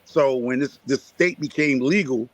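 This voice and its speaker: This Connecticut man speaks at an unhurried pace in a medium pitch, with no echo. On a casual live chat about gardening, he gets preachy and repetitive while rallying his listeners.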